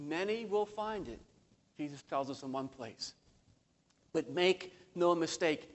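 High-voiced impassioned male preacher. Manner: impassioned preaching with slow emphatic phrases and sudden surges in loudness; rhetorical questions and self-deprecating humor. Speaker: pastor. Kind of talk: sermon.

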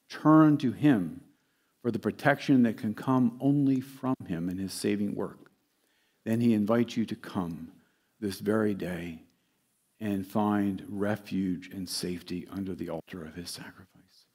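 A pastor preaching a sermon, his voice swelling loud and then dropping soft for emphasis. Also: fairly low pitch.

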